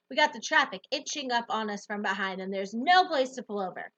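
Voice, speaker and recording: A woman reading a novel aloud in the first person, with expressive, lively storytelling. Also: fairly high pitch, brisk, few pauses, lo-fi sound. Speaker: audiobook narrator.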